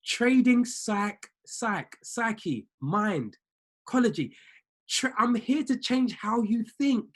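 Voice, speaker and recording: Guy, trading coach, husky high voice, preachy pep talk, repeats stuff a lot. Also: animated, slow. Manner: preacher-like, repeats lines for emphasis; exhorting, talks straight to listeners. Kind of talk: motivational talk to an online group.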